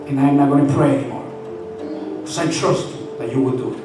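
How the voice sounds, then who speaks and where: A man preaching a sermon as a minister, impassioned and building to shouted praise. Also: on the high side, lively intonation, a little fast. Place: church sanctuary. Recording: echoey church from far off with music.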